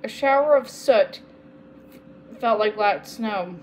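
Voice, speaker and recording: A woman's voice: medium pitch, slow, slight background noise, low-quality recording. Woman reading a children's story aloud. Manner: steady reading with small slips and self-corrections.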